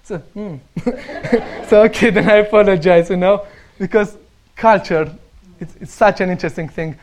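Speaking at an ordinary pace in a high, slightly mellow voice, a young man from Romania shares casual stories in his Romanian accent, frequently breaking into laughter.

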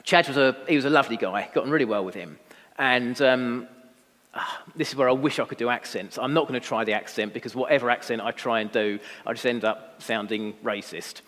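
Preacher in a reverberant hall. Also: male voice, mid-range voice, a little fast, fairly bright tone. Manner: conversational, self-deprecating storytelling with many fillers. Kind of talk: sermon. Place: church hall.

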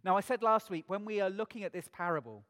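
A man's voice: high voice, quick pace, a bit bright, long reverb tail. A man preaching a sermon in an earnest way, asking his listeners many rhetorical questions.

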